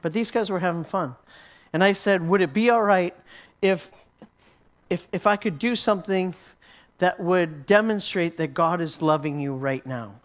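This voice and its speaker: A Christian teacher with a fairly high voice delivers a sermon as a story at a normal pace, often repeating words as he restarts and chuckling along.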